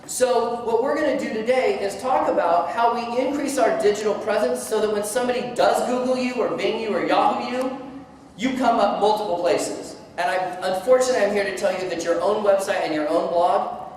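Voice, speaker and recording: Male seminar presenter, lively and joking with the audience, recorded from afar in a reverberant hall. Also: high-pitched, fairly quick, a little hiss or hum. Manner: energetic, asks the audience questions, jokes. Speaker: seminar speaker. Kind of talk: conference talk to a live audience. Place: large conference hall. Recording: echoey hall, distant mic.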